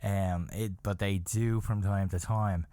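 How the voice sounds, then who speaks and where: A man voicing a calm, knowledgeable female coworker who explains things matter-of-factly. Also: deep voice, takes it slowly, no room sound. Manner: matter-of-fact, reassuring.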